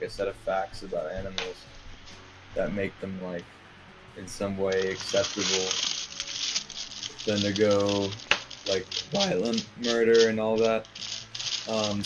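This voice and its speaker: A man in casual chat over a card game, arguing in a crude, joking way. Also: lowish voice. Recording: noisy background.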